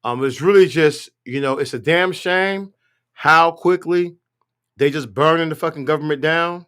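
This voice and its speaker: Man, higher pitch, profane, blunt, rambling, live stream rant. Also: moderate pace, fairly bright tone, smooth. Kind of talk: casual political rant.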